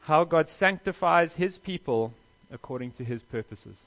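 A man's voice: on the high side, animated, normal speed, fairly bright tone, lo-fi sound. A man preaching a sermon as pastor, earnest, with emphatic stresses and rhetorical questions.

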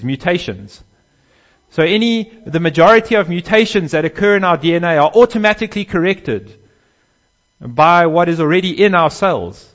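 Male pastor preaching, slightly high voice, emphatic swells and hushed drops, dull lo-fi recording. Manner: emphatic, swelling louder on key phrases and dropping low and soft on others. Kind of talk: sermon.

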